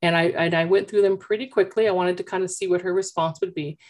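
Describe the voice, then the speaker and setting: A woman coach talking with parents in an animated, chatty storytelling way, through a headphone mic. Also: lowish voice, fast talker. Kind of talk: consultation with parents.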